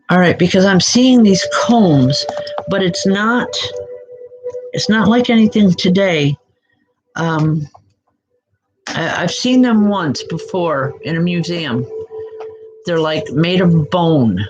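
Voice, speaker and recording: A woman giving spiritual readings live to online viewers, speaking gently and reassuringly, calling people by name with many soft hesitations. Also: lowish voice, lively intonation, takes it slowly, pauses often. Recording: dull lo-fi sound with music behind. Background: background music.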